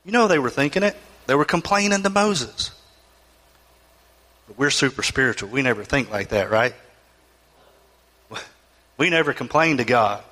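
A man's voice: mid-range voice, expressive, moderate pace, pauses often, bright, forceful tone, in a large hall. A man preaching a sermon, reading scripture and acting out the people's complaints with rising, pleading emotion. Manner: acts out complaining voices, rising emotional pleas. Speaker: pastor.

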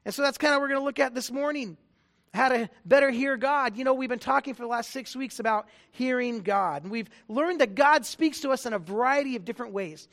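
A man's voice: very high voice, fairly quick, a bit bright. A male pastor giving a conversational sermon in a church, joking and often restarting his sentences. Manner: conversational, jokey, frequent restarts.

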